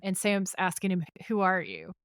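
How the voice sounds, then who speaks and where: A woman's voice: mid-range voice, normal speed, smooth, no room sound, studio quality. A woman co-hosting a podcast, chattily recapping a TV episode and reading out its dialogue with asides. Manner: retells scenes and reads out dialogue with chatty asides. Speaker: podcast co-host.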